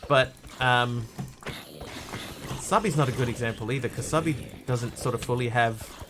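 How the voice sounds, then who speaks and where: A man from New Zealand with a New Zealand accent tinged with Australian, chatting casually while he streams a game and reads chat aloud, in a halting, rambling way. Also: medium pitch, background noise. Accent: New Zealand, with some Australian.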